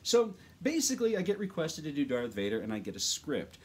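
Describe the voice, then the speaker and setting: A male voice actor rambles through a casual, chatty tutorial full of fillers, recorded on a condenser mic in a small home studio. His voice sits on the high side with wildly swooping pitch, a slightly quick pace, a little mellowness and a breathy edge.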